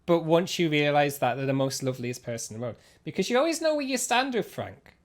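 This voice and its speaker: A man's voice: on the high side, big pitch swings, fast talker. A man chatting casually on a live stream as he reacts to clips, teasing and giggly.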